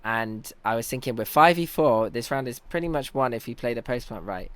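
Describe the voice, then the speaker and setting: A man's voice: mid-range voice, lively intonation, fairly quick, a bit bright, clean tone, no echo. Chatty young man breaking down a match. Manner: chatty, analytical, self-teasing. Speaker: team captain and in-game leader. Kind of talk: casual commentary over match footage.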